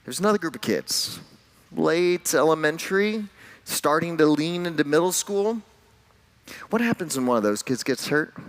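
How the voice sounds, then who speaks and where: A man, a pastor, preaching a sermon in a relaxed, conversational way, telling a personal story with light self-deprecating humor. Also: on the high side.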